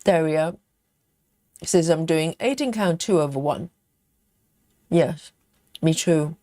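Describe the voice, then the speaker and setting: Woman host reading out viewer comments in an unhurried, um-filled chat; dry, close recording. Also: low-pitched, warm tone, no echo. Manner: unhurried, thinking aloud with many ums. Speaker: cross-stitch livestream host.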